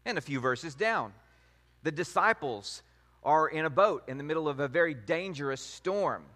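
A man teaching a sermon in a measured way, reading scripture passages aloud. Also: fairly high pitch, lively intonation, bright, forceful tone. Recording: long hall reverb.

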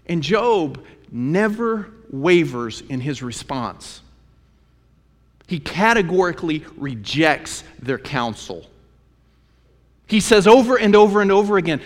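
In a large hall with long reverb, a preacher with a highish voice teaches a sermon on a Bible book, slow and very animated. He's emphatic and conversational, repeating phrases for effect as he retells the story.

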